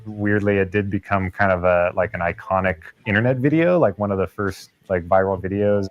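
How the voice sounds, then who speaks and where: A man in a documentary interview, recalling things in a relaxed, filler-heavy way. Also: low voice, a little fast, lo-fi sound, soft background music.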